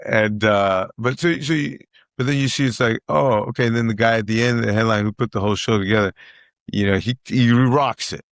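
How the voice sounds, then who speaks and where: A man's voice: on the low side, fairly quick, clean tone, dry recording, clean studio sound. A middle-aged man, a guest comedian telling stories in casual chat, who repeats phrases for emphasis and acts out what other people said.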